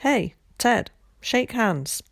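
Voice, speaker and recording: A woman's voice: on the high side, expressive, extremely slow, vocal fry, husky, no room sound, pitched above the performer's own voice, full character voice. A woman reading aloud puts on a cheeky young boy in a storybook, teasing and upbeat, with a lifted voice. The sound is close and dry. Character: cheeky northern boy cousin, upbeat joker.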